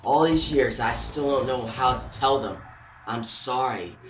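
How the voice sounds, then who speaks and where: Dude doing a sorry old killer, quiet and low-key, faint music behind. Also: male voice, measured pace, recorded from a distance, close to an everyday voice. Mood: remorseful. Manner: quiet, apologetic. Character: remorseful middle-aged male killer. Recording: roomy echo, faint music.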